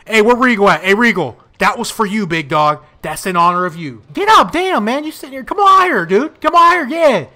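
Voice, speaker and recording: Excitable high-voiced man playing a game. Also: a little fast, few pauses. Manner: excitable trash talk, loud outbursts and mumbled asides. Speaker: gaming YouTuber. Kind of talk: playing a wrestling video game live.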